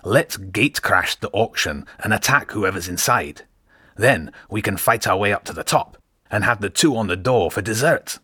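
A man voicing an eager, fight-hungry male rat with a husky Scottish-tinged voice in an audiobook. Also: on the low side, expressive, normal speed, sharp tone, dry recording, studio quality, full character voice. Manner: gleeful and bold. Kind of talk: audiobook character voice.

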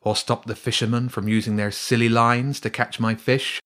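Man voicing a smooth, sarcastic cormorant. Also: medium pitch, flat delivery, a bit bright, lightly acted. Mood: aloof. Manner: slow, dry, sarcastic. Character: aloof smooth-voiced male cormorant bird.

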